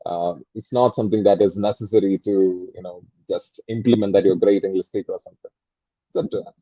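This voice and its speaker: A man's voice: deep voice, fairly even intonation, quick pace, mellow, husky, no room sound, muffled recording. A man in his twenties whose first language is Malayalam, an English tutor chatting casually and thinking aloud with many fillers and restarts. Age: 20s. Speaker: English tutor and soft skills trainer. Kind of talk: casual conversational interview.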